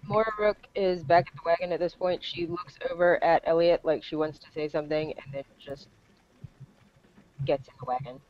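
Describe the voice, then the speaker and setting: A woman's voice: low-pitched, fairly even intonation, normal speed. Woman player talking in character, hesitant and wry, dull lo-fi sound. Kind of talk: playing a tabletop game in character. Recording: dull lo-fi audio.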